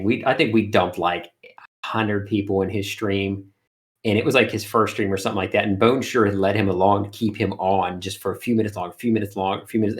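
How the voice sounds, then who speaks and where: A man chatting as an interview guest, an energetic storyteller who uses lots of fillers. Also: mid-range voice, fairly quick, creaky. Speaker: guest, art streamer. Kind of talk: casual interview chat.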